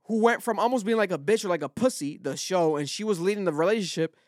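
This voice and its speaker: A man with a fairly high voice talks through a casual podcast, loose and profane. He is recorded close and dry, with almost no room sound. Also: fast, no room sound. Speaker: podcast host.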